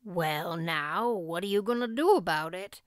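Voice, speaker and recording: A woman voicing a shy, mild older farmer who speaks hesitantly and softly. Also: medium pitch, clear, resonant tone, dry recording, studio quality. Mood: forlorn. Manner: hesitant, soft, drawn-out "well, now".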